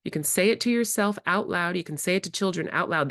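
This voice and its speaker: Animated woman workshop presenter. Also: on the low side, fast, few pauses, dry recording, clean studio sound. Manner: animated, acts out conversations with children. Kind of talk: workshop lecture. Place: in-person workshop.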